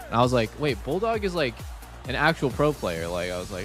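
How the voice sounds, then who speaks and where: A man's voice: medium pitch, sing-song, a little fast, fairly bright tone, soft background music. A man streaming a casual chat to his viewers, rambling and swearing with lots of "like". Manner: rambling and profane, heavy use of "like". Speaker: game streamer.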